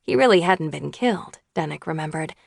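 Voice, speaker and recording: A woman narrating an audiobook in a steady scripted reading. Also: low-pitched, fairly quick, gravelly, no room sound, clean studio sound.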